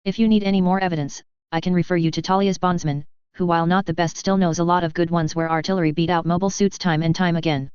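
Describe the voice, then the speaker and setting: A man's voice: a little high, flat delivery, fast, hardly any pauses, clear, resonant tone, no room sound, lightly acted. A narrator voicing a brash, sardonic male mercenary commander in a spoken fan story, with a dull, lo-fi sound. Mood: cocky. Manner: cocky and sardonic. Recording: dull lo-fi dry audio.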